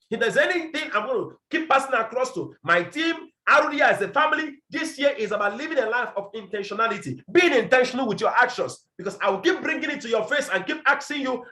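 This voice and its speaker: A man leading his business team in a forceful motivational talk, repeating his points and firing rhetorical questions over a video call. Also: sits high, reverberant. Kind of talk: motivational address to an online team meeting.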